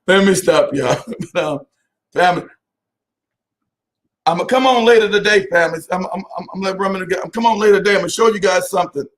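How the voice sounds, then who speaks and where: A man hosting a casual live stream, talking to viewers by name, animated and often laughing. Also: high-pitched, quick pace, pauses often, slight background noise.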